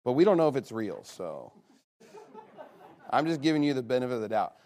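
A man leading a casual game with an audience. He reads a long list aloud and breaks it up with quick, teasing asides. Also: mid-range voice, sing-song, darkish tone. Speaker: game leader reading out his list to players.

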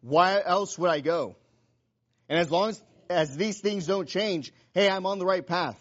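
A man's voice: high voice, a little slow. A man preaching a sermon, earnest and repeating rhetorical questions to the congregation. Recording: dull lo-fi recording.

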